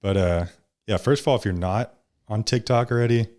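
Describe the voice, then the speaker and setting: A young man as a podcast guest, talking in a laid-back, casual way with a fairly monotone delivery. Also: on the low side, brisk. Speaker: podcast guest, social media creator.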